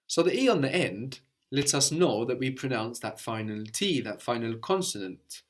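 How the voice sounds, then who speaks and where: A man's voice: medium pitch, lively intonation, normal speed. Guy teaching a language class, patient, goes step by step, keeps asking "no?". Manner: patient, explains step by step, often ends with "no?". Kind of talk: guided language lesson.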